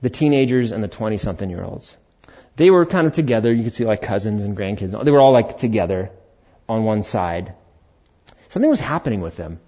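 During a sermon, a middle-aged pastor recounts a personal story in a lowish voice and a brisk pace. He keeps it conversational and animated, performing the dialogue himself, captured on a dull, lo-fi recording.

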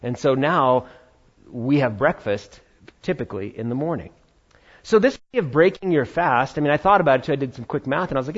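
A man preaching a sermon as pastor, talking in a conversational, animated way with playful asides. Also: mid-range voice, brisk. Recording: dull lo-fi sound.

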